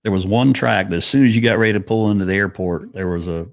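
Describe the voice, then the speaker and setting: Very deep-voiced, easygoing man reminiscing. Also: vocal fry, no room sound, clean studio sound. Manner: easygoing, halting, many "you know"s. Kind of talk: casual conversation.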